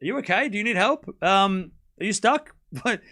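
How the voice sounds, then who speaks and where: Australian male streamer, young, high lively voice, casual play-by-play with chat banter. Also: normal speed. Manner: chatty, reads chat aloud, laughs often. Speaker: streamer and tennis commentator. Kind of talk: casual live watchalong commentary.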